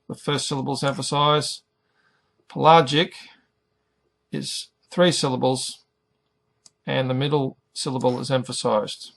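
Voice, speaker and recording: A middle-aged man teaching an English lesson, pronouncing each word carefully and deliberately. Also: medium pitch, vocal fry. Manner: careful, over-articulated pronunciation. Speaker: ESL teacher.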